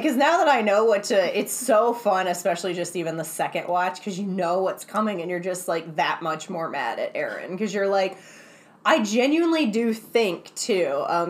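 Animated young woman chatting about a movie. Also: mid-range voice, moderate pace. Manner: animated, laughs often, many "like" fillers. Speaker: podcast co-host. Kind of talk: casual movie-review chat.

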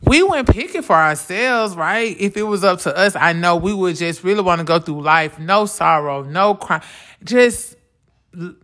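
Bright-voiced woman sharing her grief. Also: on the low side, animated, a little slow. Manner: casual, repeats "like" often, earnest. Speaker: podcast host. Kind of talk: heartfelt personal talk on grief and faith.

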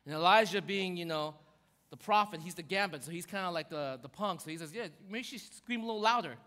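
High-voiced man preaching in a reverberant hall. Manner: animated storytelling with acted quotes. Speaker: pastor. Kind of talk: sermon.

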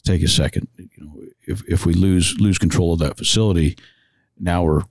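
Middle-aged man, very low voice, plainspoken, stammers and repeats, dry close mic. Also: normal speed, darkish tone, no echo. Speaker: guest, firefighter-paramedic and father. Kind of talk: casual podcast conversation.

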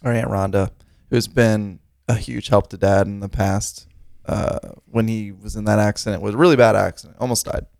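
A man co-hosting a casual podcast, who talks in an animated, profane, teasing way. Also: fairly low pitch, moderate pace, gravelly, dry recording, clean studio sound. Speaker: podcast co-host. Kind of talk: casual chat.

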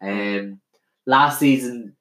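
A man's voice: medium pitch, drawn-out words, fairly bright tone. A man hosting a casual podcast chat, swearing freely and reading out listener questions. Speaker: podcast host. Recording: roomy echo.

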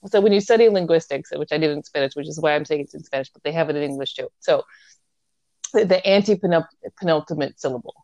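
A woman's voice: low-pitched, fast, darkish tone, no room sound, muffled recording. A woman co-hosting a podcast in casual, playful chat, often laughing. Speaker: podcast co-host.

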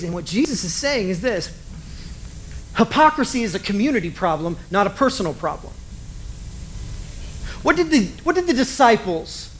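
A man's voice: high-pitched, fairly bright tone, a little hiss or hum, low-quality recording. A man preaching a sermon as a pastor, talking animatedly and acting out little asides.

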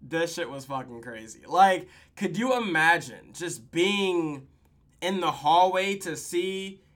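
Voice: medium pitch, lively intonation, slow pace, fairly bright tone. A podcast host recapping a TV episode in casual, profane slang, telling the story with laughs.

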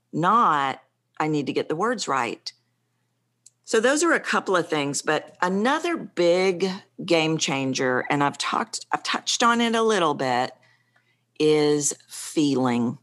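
A woman's voice: sits low, animated, slow, fairly bright tone. A middle-aged woman speaking coach, talking animatedly in an interview and shifting her pace for emphasis. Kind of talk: conversational interview.

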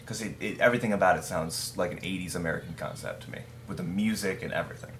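A man's voice: deep voice, fast, fairly bright tone, a little hiss or hum. A man co-hosting a podcast, replying in a laid-back way during casual chat.

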